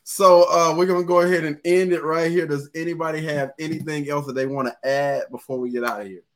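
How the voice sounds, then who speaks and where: A man hosting a casual podcast, laid-back and quick to laugh as he wraps up the show. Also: on the high side, steady tone. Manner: laid-back, laughs often, drawn-out sign-off. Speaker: podcast host.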